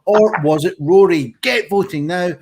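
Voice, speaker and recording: A man's voice: high voice, normal speed, background noise. A man hosting an online pun contest with cheery, upbeat banter. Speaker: host.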